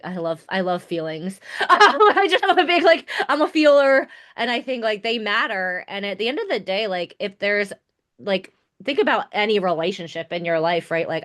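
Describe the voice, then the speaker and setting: A woman's voice: on the low side, a bit bright. A woman hosting a podcast interview in a casual, chatty way, laughing often and filling her talk with many filler words. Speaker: podcast host.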